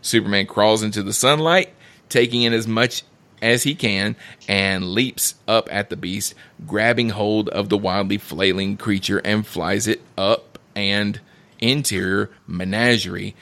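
A man reading a script's stage directions aloud in a table read, brisk, with restarts. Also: fairly low pitch, fairly bright tone. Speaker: script reader.

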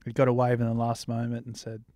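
A man's voice: mid-range voice, monotone, fast, dark tone, no echo, studio quality. A man who writes about surfing, chatting as a podcast guest, rambling and laughing at himself as he goes. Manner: rambling, laughing, self-deprecating. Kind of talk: casual interview chat.

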